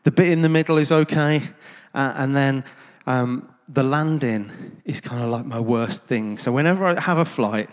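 A man's voice: medium pitch, normal speed, hardly any pauses. A man tells anecdotes to a gathered audience in a loose, conversational way, full of ums and self-deprecating asides. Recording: long reverb of a large hall.

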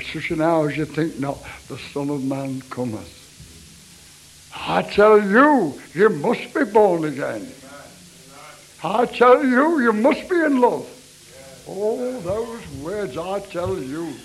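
A man's voice: a little high, low-quality recording. A man preaching a fervent revivalist sermon, repeating his refrain and breaking into tongues.

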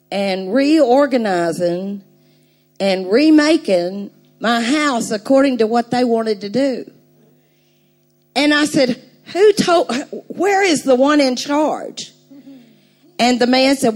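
An older woman preaching a sermon, telling a story with animated emphasis and laughing now and then. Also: fairly high pitch.

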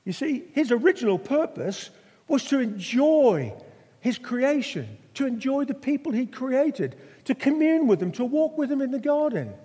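A man's voice: very high voice, sing-song, moderate pace, mellow, husky. An older man from Norfolk, England, preaching a sermon with stories and rhetorical questions. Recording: long hall reverb.

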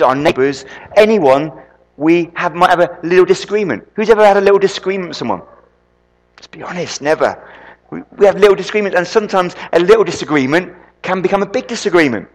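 A man preaching a sermon, an animated storyteller who throws quick asides to the congregation. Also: on the high side. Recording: long reverb in a hall.

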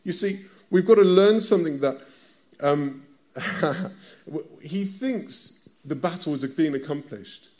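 British guy giving a sermon, slightly high voice, chatty, keeps asking the crowd questions. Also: takes it slowly, a little mellow. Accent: British English. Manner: conversational preaching, asks the listeners direct questions. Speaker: preacher.

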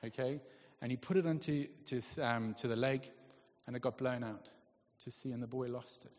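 A man preaches in an easy, conversational way, pausing often to check in with his listeners. His mid-pitched voice carries a long echo in a church hall, and the recording sounds dull and lo-fi. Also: fairly even intonation, darkish tone. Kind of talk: sermon. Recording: lo-fi, echoey hall.

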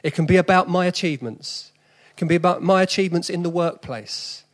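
Preaching briskly, this fortyish South East Londoner keeps things earnest and conversational before rising into forceful lists. His voice sits fairly high.

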